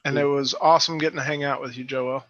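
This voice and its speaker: A male guest in a casual chat, easygoing and earnest, speaking haltingly. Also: medium pitch, fairly even intonation, fairly bright tone, dull audio.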